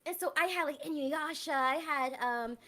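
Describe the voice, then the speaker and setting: A high, bright woman telling stories as a podcast guest. She is eager and quick to gush, and stammers when carried away. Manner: enthusiastic storyteller, stammers and laughs. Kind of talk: casual chat.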